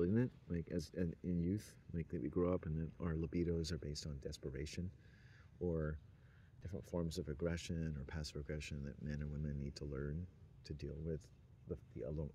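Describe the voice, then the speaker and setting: A man's voice: extremely low pitch, dark tone, slight background noise. A man talking in a rambling, sardonic monologue, often laughing at his own jokes. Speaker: monologue speaker.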